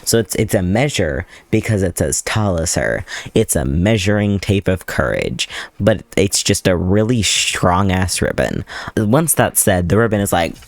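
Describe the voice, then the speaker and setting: Sarcastic man with a low, dry voice. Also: lively intonation, measured pace, vocal fry, no room sound. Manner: sarcastic, profane and rambling. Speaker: movie commentator. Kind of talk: casual movie recap commentary.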